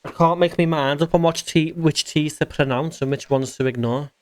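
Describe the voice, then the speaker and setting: A man's voice: fairly high pitch, steady tone, normal speed. Chatty English man streaming a game. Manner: chatty, reads out and answers viewer chat while playing. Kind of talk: casual live-stream chat.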